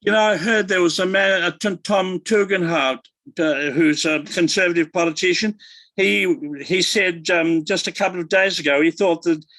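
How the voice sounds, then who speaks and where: An older male academic answering interview questions in a halting, thoughtful way, with many fillers and restarts. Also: high voice, fairly even intonation, a bit bright, no room sound, low-quality recording. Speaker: guest academic.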